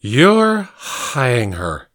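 Man voicing a drunk male guest, slurred, giggly, leering, higher and louder than the narration. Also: wildly swooping pitch, very slow, no room sound, full character voice. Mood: tipsy leering.

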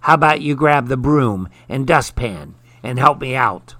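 A man voicing a tall woman in a witch costume, sharp and snippy, for a storybook. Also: mid-range voice, expressive, measured pace, no room sound. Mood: snappish.

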